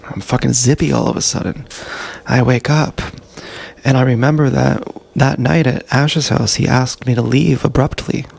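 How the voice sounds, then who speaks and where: Gravelly man rambling through a story. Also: medium pitch, steady tone, moderate pace, darkish tone. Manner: profane, tangled retelling with self-corrections. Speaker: live streamer. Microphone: action camera.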